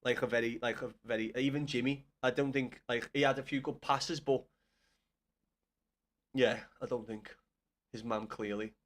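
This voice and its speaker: A man's voice: mid-range voice, steady tone, normal speed, long pauses. A young man chatting on a gaming livestream, answering his chat with blunt, sweary banter.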